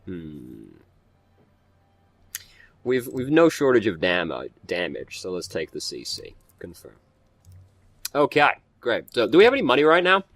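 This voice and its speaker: A man hosting a casual let's play, reading game text aloud in a fairly low voice. He swears freely and trips over words as he goes, keeping a loose, offhand tone. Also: wildly swooping pitch, a little slow, long pauses, a bit bright, no echo.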